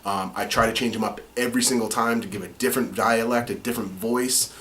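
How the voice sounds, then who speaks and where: A man talks through the making of his animated series in an unhurried, plain voice. His pitch sits in the middle, and he slips in small fillers as he explains. A light background hiss runs beneath him. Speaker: voice actor and co-creator. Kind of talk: behind-the-scenes narration.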